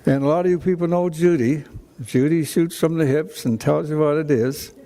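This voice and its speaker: An older Canadian man with a Canadian accent, giving an emotional, halting acceptance speech at a hall of fame ceremony, full of restarts. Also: a little high, warm tone. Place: banquet hall.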